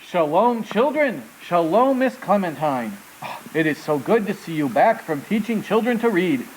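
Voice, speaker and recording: A man's voice: high voice, sing-song, normal speed, a little mellow, slight background noise, low-quality recording. A man voicing a kindly male rabbi puppet who teaches children patiently, in a children's puppet show.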